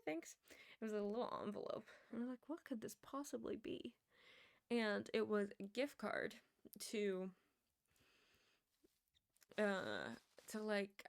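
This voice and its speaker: A young woman streamer telling a rambling story in casual chat, laughing often and filling her talk with "like". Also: medium pitch.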